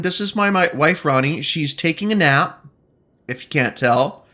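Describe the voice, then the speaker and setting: A male streamer chatting loosely over his gameplay, his voice bright and forward. He swings up and down a lot in pitch as he jokes with chat, sitting a bit higher than most men. He laughs easily and keeps things playful. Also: lively intonation, measured pace. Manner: joking, chatty, laughs often. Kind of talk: casual gaming commentary.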